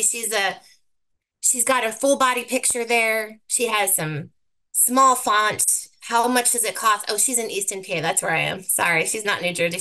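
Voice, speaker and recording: A woman teaches over a live video call with slides, her voice bright and forward. She is brisk and upbeat, and she leans on key words and repeats them for emphasis. The sound comes through a computer microphone. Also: mid-range voice. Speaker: guest presenter teaching thumbnail design. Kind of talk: live webinar presentation with slides.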